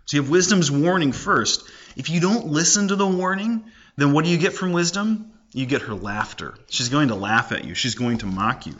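A man's voice: fairly high pitch, normal speed, few pauses, fairly bright tone. A man teaching a casual Bible lesson, talking it through with rhetorical questions and everyday examples. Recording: dull lo-fi recording.

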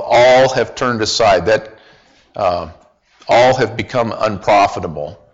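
A man teaching a Bible study lesson, speaking deliberately with frequent pauses and fillers, asking the group questions. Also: mid-range voice, fairly bright tone, lo-fi sound. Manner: asks the group questions and repeats answers.

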